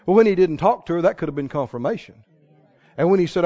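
A man preaching a sermon who rises into shouts and calls out questions to the congregation. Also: a little high, animated, fast, lo-fi sound.

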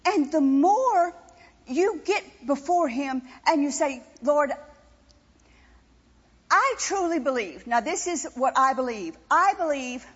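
High, lively woman preaching. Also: takes it slowly. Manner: impassioned, emphatic, repetitive preaching. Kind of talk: sermon. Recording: dull sound with long reverb in a hall.

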